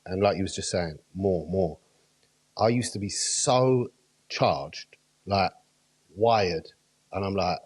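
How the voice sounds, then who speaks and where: A man hosts a podcast in casual chat. His voice sits very low and sounds husky. He speaks earnestly and with emphasis, dwelling on his points. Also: slow, pauses often, a little mellow. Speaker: podcast host.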